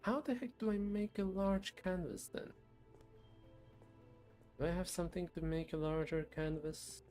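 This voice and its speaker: A man streams his own game and mutters casual commentary to himself, quietly and half under his breath. Faint music plays behind him. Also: high voice, unhurried.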